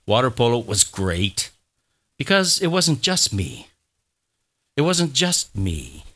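A man's voice: medium pitch, a bit bright. A middle-aged man preaching a sermon as pastor, talking in a conversational way, repeating phrases and having the congregation say words back.

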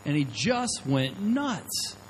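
A middle-aged pastor with a slightly high, sing-song voice takes his time through a sermon, storytelling conversationally and often checking in with "okay?". Poor audio with slight background noise.

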